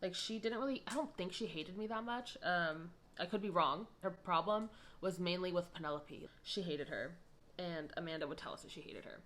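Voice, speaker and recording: A young woman in her twenties telling a story in casual chat, rambling with frequent asides. She gets louder and higher when she is indignant. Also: moderate pace, slight background noise.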